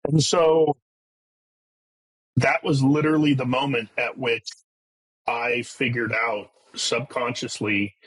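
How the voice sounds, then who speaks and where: Middle-aged male guest, husky voice, blunt and earnest storyteller with a few swear words. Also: mid-range voice, a bit bright, low-quality recording. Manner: blunt and earnest, with casual profanity. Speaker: podcast guest. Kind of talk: candid personal storytelling.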